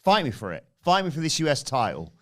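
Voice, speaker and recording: A man's voice: a little high, very animated, quick pace. A man doing a fired-up defiant wrestler. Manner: confrontational, punchy, rising to a shout. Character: a fired-up, defiant male wrestler challenging a rival.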